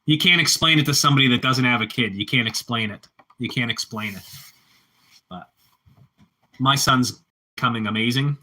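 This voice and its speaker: Middle-aged male vlogger, very bright tone, rambling casual chat, repeats lines. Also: mid-range voice, normal speed, pauses often. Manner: rambling, repeats himself, self-mocking.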